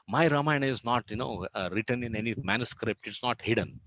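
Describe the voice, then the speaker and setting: A male teacher voicing a gentle, humble male monkey devotee in a retold scripture story, speaking calmly and plainly. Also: mid-range voice, fairly quick, no room sound, natural voice.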